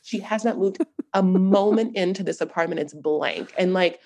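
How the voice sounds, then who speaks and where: A young woman hosting a podcast, recapping a reality show in an animated, gossipy chat full of fillers. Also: on the low side, moderate pace. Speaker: podcast host.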